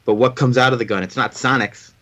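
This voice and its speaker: A man's voice: mid-range voice, fairly even intonation, quick pace, pushed and bright. A man co-hosting a casual comics podcast, recapping the plot with lots of fillers and mock-dramatic flair. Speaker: podcast co-host.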